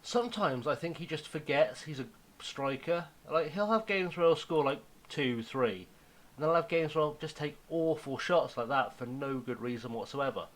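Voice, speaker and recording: A young man giving casual, self-mocking commentary on his football management game, now and then dropping to a hushed aside. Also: on the high side, moderate pace, rough recording. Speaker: gaming YouTuber.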